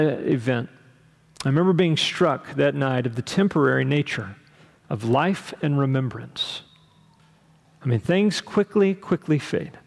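A man's voice: fairly high pitch, creaky, long reverb tail. A man from Texas preaching a sermon as pastor, talking conversationally with asides and questions to the congregation.

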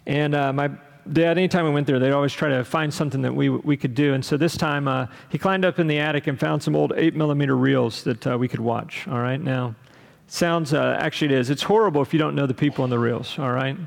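A man's voice: mid-range voice, steady tone, fast, vocal fry, in a large hall. A man from Texas preaching a sermon as pastor, talking conversationally with asides and questions to the congregation.

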